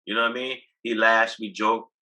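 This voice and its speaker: Bright-voiced, boastful New man. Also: on the low side, little pitch movement, a little fast, low-quality recording. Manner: loose, boastful storytelling with many restarts. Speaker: guest, cannabis activist. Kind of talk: casual interview talk. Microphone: video call.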